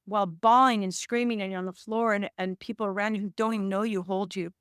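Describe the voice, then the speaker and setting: Smooth-voiced woman telling a candid story. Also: mid-range voice, steady tone, quick pace, a bit bright, dry recording, clean studio sound. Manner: emphatic, with frequent restarts and reenacted quotes. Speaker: actor and producer, podcast guest.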